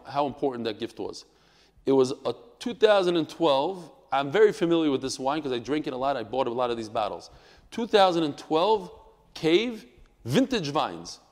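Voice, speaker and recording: Animated man teaching a Talmud class. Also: medium pitch, fairly quick, in a large hall. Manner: animated, swings from quiet asides to loud emphatic outbursts. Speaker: Torah teacher.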